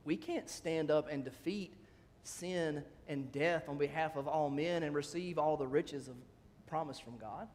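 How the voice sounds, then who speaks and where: A man's voice: on the high side, measured pace, darkish tone. Man preaching in a reverberant church. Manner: conversational preaching, voice rising on emphatic questions. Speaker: pastor. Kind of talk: sermon. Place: church sanctuary. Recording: long church hall reverb.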